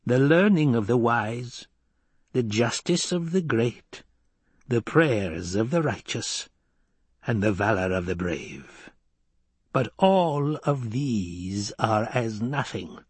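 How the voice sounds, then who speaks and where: A man's voice: medium pitch, animated, slightly rough, no room sound. A man voicing a grave ancient Reverend Mother. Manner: slow, grave, commanding pronouncements.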